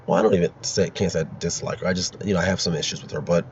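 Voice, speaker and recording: A man's voice: low-pitched, steady tone, very fast, slight background noise. A man hosting his own political commentary, sarcastic and ranting, laughing at his own jokes. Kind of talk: opinionated solo commentary. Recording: dull lo-fi recording.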